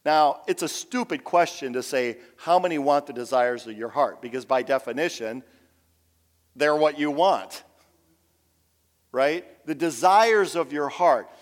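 A man's voice: fairly high pitch, unhurried, long reverb tail. A man preaching a sermon as a pastor in a conversational style, stretching out key words for emphasis and letting phrase ends trail off.

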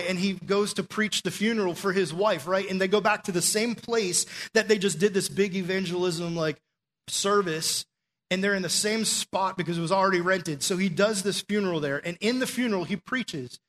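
Higher-voiced man preaching casually. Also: moderate pace, a bit bright. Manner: conversational storytelling with frequent "like" fillers. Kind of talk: sermon.

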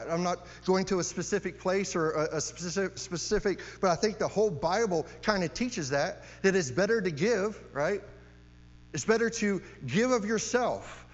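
A man preaching a sermon in a fairly high voice, pressing his points by repeating key phrases and tossing out rhetorical questions. His voice carries a long hall reverb, with a dull, muffled sound and a faint electrical hum underneath.

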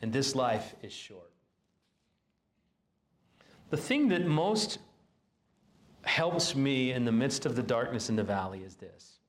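A man's voice: medium pitch, lively intonation. Earnest man preaching in an echoey room. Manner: earnest, halting, restarts phrases when moved. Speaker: pastor. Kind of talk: sermon.

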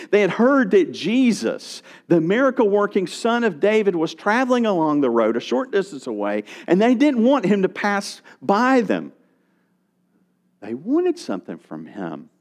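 A male pastor delivers a sermon in a voice that swoops up and down with energy, sitting a little higher than most men. He tells stories and briefly puts on the voices of the people in them. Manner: animated preaching, acts out voices of beggars.

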